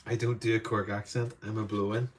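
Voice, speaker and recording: A man's voice: fairly low pitch, little pitch movement, fairly quick. An Irish man teaching watercolour live, chatting to viewers with rambling asides while he paints in a studio. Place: indoor art studio.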